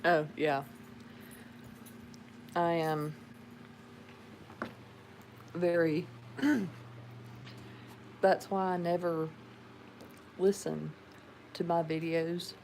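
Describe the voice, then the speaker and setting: A woman with a Southern drawl, soft-spoken and chuckling as she chats casually with viewers of her livestream from home. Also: on the low side, steady tone, extremely slow, long pauses, a little hiss or hum. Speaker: livestream host. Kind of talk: casual live chat. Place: home with pet dogs.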